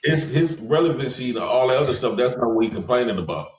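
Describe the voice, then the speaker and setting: A man's voice: mid-range voice, animated, fast talker, roomy sound. A man on a live stream pushing back in an argument.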